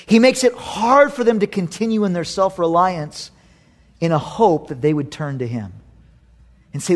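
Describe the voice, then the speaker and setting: A middle-aged man preaching a sermon, animated and acting out voices with sarcastic humor. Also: sits high, moderate pace. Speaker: pastor.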